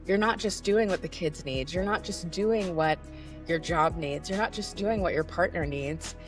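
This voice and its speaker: A woman's voice: on the low side, moderate pace, soft background music. A woman in her forties, a somatic coach, giving a candid, casual motivational pep talk that guides the listener through breathing and swears now and then. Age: 40s.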